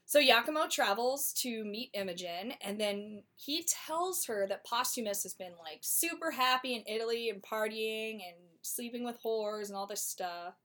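A woman's voice: on the high side, expressive, fairly bright tone. Chatty woman podcast host. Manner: chatty, slangy, quick asides. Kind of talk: casual comic plot summary.

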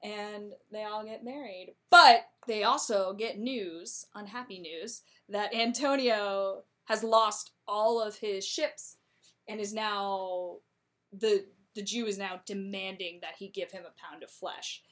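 A woman casually recapping a plot in a chatty, slangy way, with quick laughs. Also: medium pitch, fairly bright tone.

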